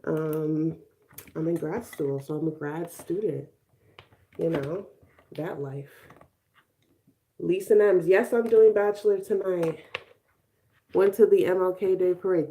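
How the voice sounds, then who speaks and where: Slow and warm, with long pauses, a low-ish voice belongs to a young vlogger from Chicago in her twenties. She does her makeup on a live stream, chattily responding to viewer comments and laughing a lot, over slight background noise.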